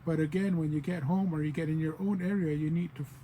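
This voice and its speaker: A man's voice: on the high side, steady tone, fast, mellow, slight background noise, low-quality recording. A man giving a casual spoken language lesson, patiently explaining and repeating example words. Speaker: language teacher.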